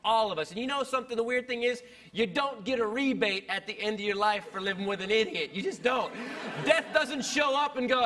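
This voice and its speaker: A man doing stand-up comedy, loud and animated, often shouting. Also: very high-pitched, fairly quick. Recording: distant stage mic, loud audience.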